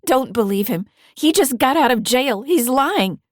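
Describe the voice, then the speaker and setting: A woman voicing a frightened, defiant teenage girl who pleads in a high, loud voice. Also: lively intonation, measured pace, dry recording, clean studio sound. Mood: desperate.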